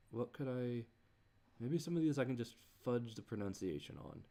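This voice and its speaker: A man thinking aloud while he composes, muttering in halting restarts and groaning at himself. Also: mid-range voice, animated, dark tone. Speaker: creator working on a song.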